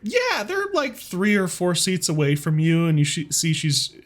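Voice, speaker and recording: A man's voice: sits high, wildly swooping pitch, moderate pace. A man narrating as game master in a tabletop game, casual and amused, with many fillers.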